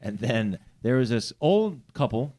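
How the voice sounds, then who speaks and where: A young man, a comedian who has been drinking whiskey, telling crude stories loudly in casual podcast banter. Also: medium pitch, big pitch swings, a little slow. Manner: loud, crude storytelling with lots of swearing.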